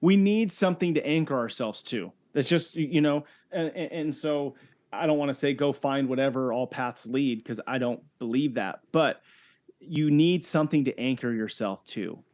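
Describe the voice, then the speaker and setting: A man's voice: medium pitch, moderate pace, a little mellow. A middle-aged man speaking as a podcast guest on fatherhood and faith. He talks emphatically and often checks in with "right?". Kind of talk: casual faith-based conversation.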